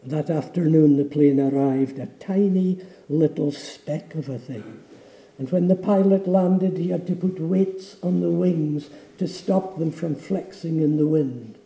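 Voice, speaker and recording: Slow, dark-voiced man preaching. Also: fairly high pitch, roomy sound, poor audio. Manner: dramatic storytelling, slow and solemn. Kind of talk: sermon illustration and prayer. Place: church sanctuary.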